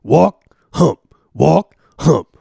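A rough, gravelly convict sneers at everyone in street slang, as a man plays him. His voice is close and dry. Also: on the high side, sing-song, extremely slow, warm tone, no echo, heavily acted. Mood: scornful. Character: crude, tough male convict, loud and scornful.

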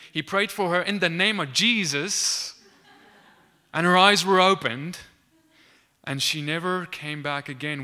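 A man's voice: medium pitch, sharp tone, smooth. A man voicing an eager local man on the street who keeps calling his listener brother.

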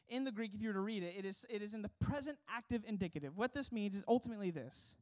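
A young man preaching as a pastor, earnest and emphatic, asking the congregation rhetorical questions. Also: high voice. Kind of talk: sermon.

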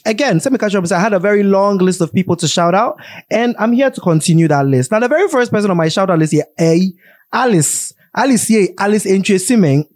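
Young ghanaian guy hosting his podcast, high voice, bounces all over, dry close sound. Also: darkish tone, no room sound. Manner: playful, joking, slips into pidgin. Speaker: podcast host. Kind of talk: casual podcast chat.

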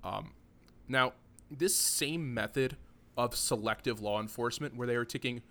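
A man's voice: medium pitch, moderate pace, fairly bright tone. A man hosting a casual podcast, rambling and joking, often laughing between points. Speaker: podcast host.

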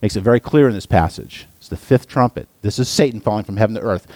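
A man telling a story as a sermon, halting often with restarts and fillers, his voice rising for emphasis. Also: darkish tone, no echo. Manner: halting, lots of restarts and uh's, emphatic pitch swings. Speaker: pastor or Bible teacher.

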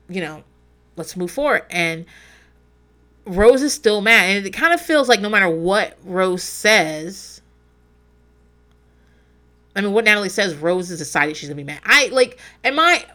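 A medium-pitched woman's voice, pushed and bright, carries this casual recap chat. The speaker, in her forties, hosts a podcast about a reality show and tends to digress, swear, and laugh at herself.

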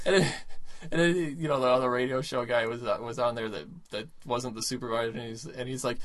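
A man's voice: mid-range voice, brisk, background noise. A man hosting a casual chat, telling stories animatedly and acting out the people in them. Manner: animated storyteller who acts out quoted voices. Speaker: podcast host.

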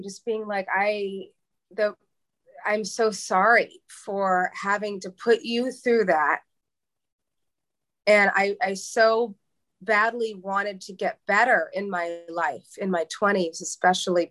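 A woman in her thirties from New York talks openly as an interview guest. She speaks haltingly, with many restarts and repeated words, at a medium pitch for a woman. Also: fairly bright tone. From New York, USA. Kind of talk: candid emotional interview talk.

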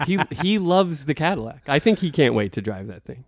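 A man co-hosting a podcast in casual chat, laughing often and joking crudely in quick banter. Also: fairly high pitch, big pitch swings. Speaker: podcast co-host.

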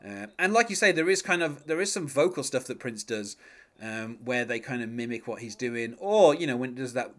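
A man's voice: lively intonation, moderate pace, a bit bright. An English man co-hosting a casual music chat, talking in a wry, chatty way and laughing often. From England. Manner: chatty, wry, laughs often, quotes lyrics in a low murmur. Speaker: podcast co-host.

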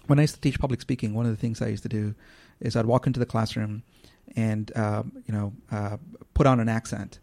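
A man who once taught public speaking, answering as a radio interview guest in a thoughtful, explanatory way with measured pauses. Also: on the low side, little pitch movement, a little mellow, no echo. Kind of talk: reflective radio interview talk.

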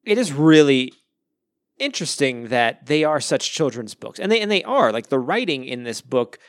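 His mid-range voice moves through big pitch swings at a normal pace in a dry recording. He is co-hosting a book podcast, chatting casually and rambling with lots of fillers, "like"s and restarts, laughing now and then.

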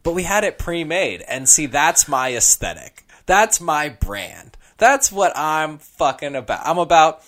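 A man co-hosting a casual chat, telling an animated story and slipping into character voices. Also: on the high side, a little slow, hardly any pauses. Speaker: podcast co-host.

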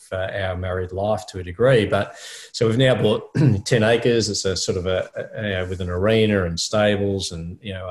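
A middle-aged Australian man, a podcast co-host, telling a rambling personal story in casual chat with many fillers. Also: sits low.

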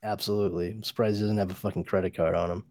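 A man's voice: sits low, very fast, dry recording, studio quality. A man hosting a comic book podcast, retelling the story casually, laughing often and acting out the characters' lines. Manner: animated, laughs often, acts out dialogue.

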